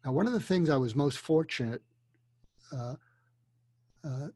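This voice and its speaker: Husky older man telling a story. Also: on the high side, no echo. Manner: earnest, slow and deliberate, dropping to a hushed voice for emotional moments. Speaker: guest, psychiatrist. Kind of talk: storytelling in a conversation. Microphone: video call.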